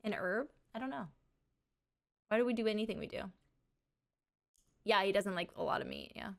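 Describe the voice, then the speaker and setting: A young woman with a medium-pitched voice and vocal fry livestreams, chatting casually and giggling with her audience. She has a slight lisp and tends to draw out her words.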